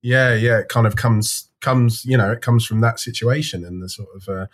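A man's voice: medium pitch, normal speed. Playful male interview host. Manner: playful, reflective, rambling questions with restarts. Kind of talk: casual interview chat.

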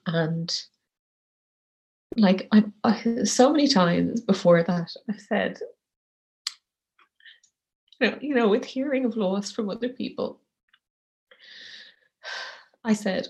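A woman, speaking as a guest in a halting, soft-spoken personal account, tearful at times, with many fillers. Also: mid-range voice, lo-fi sound.

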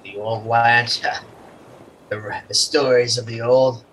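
A man's voice: medium pitch, level tone, slow pace, fairly bright tone, recorded from a distance, slight background noise, rough recording. A man voicing a proud, hostile male merfolk leader who snarls with scorn, as a tabletop game master. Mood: scornful.

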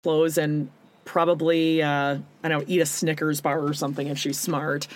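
A woman's voice: low-pitched, little pitch movement, normal speed, faint music behind. A woman co-hosting a casual podcast, recapping a TV show and acting out scenes in mocking voices. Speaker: podcast co-host.

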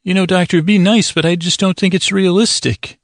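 Man doing a prim, fussy official at a bedtime institute, voice pushed higher, clipped polite refusals. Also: fairly even intonation, a little fast, no echo, studio quality.

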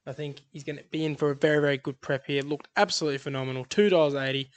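An upbeat man talks through his racing tips, rattling off odds and form. His voice sits a little higher than most men's. He sounds like a relaxed podcast co-host chatting with a friend. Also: very fast. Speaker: podcast co-host tipping horse races. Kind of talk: casual racing tips chat.

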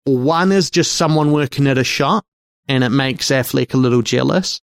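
A man co-hosting a film podcast in casual discussion, talking haltingly and wryly as he searches for words. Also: mid-range voice, vocal fry, smooth, no room sound, clean studio sound.

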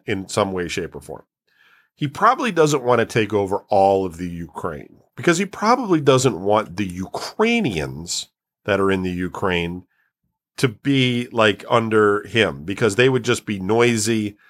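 Low-voiced man explaining in casual chat. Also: fairly bright tone. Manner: rambling, many fillers and restarts.

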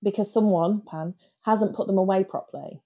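A woman co-hosting a podcast speaks in a mid-range voice at a moderate pace. She tells stories in a casual, animated way and laughs often.

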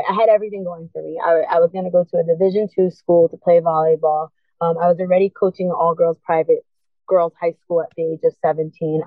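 A woman's voice: medium pitch, dry recording. A woman sharing a personal testimony, telling it earnestly and with emotion, acting out remembered dialogue. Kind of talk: personal storytelling. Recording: tinny phone-like sound, dry.

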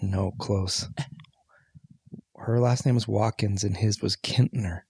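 A man's voice: on the low side, steady tone, slow, darkish tone, husky, dry recording, clean studio sound. A man co-hosting a podcast, chatting casually about a movie in a laid-back, joking way and walking through plot points. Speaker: podcast co-host.

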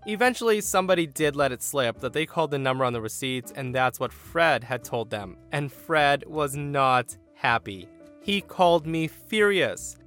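A man's voice: a little high, animated, normal speed, fairly bright tone, soft background music. A man hosting a podcast, telling a story in a wry, theatrical way. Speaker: podcast host. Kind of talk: storytelling narration.

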